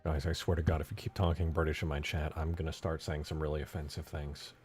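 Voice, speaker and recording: A man's voice: extremely low pitch, quick pace, faint music behind. An American man streaming casually as he works on a game mod, muttering to himself and joking with his chat. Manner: joking, mutters to himself, sudden excited yelps. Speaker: modding streamer. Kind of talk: casual live-stream commentary while working.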